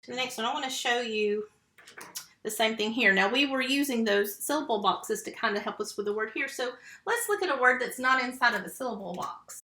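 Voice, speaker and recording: With a fairly high, bright and forceful voice, a woman speaks briskly as she teaches first grade phonics from home. Into her computer mic she patiently sounds out each letter and syllable for young children, and the room echoes.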